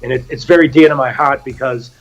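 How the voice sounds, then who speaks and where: A man's voice: mid-range voice, fast, lo-fi sound. A middle-aged man with a Boston accent, an actor guest chatting casually and telling stories. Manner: animated storyteller, acts out quotes. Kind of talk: casual chat.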